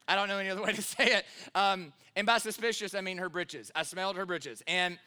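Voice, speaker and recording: Bright-voiced man preaching a sermon. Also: sits high, fairly even intonation, quick pace, clear, resonant tone. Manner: conversational storytelling with many fillers, rising to emphatic. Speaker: pastor.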